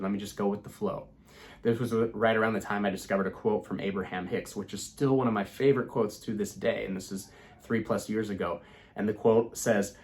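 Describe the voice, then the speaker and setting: Laid-back young guy, lowish voice, rambling spiritual pep talk with lots of "you know". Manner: relaxed, repeats himself, many "you know" fillers. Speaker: law of attraction channel host. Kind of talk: casual spiritual teaching to camera.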